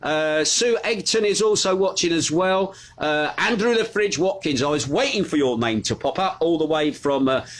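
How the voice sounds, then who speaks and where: A middle-aged man hosts a live online stream and talks in a relaxed, rambling way. His voice sits a little high for a man. He greets viewers one by one and reads out their comments. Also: moderate pace, few pauses. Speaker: host of a live news stream. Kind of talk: casual live-stream chat.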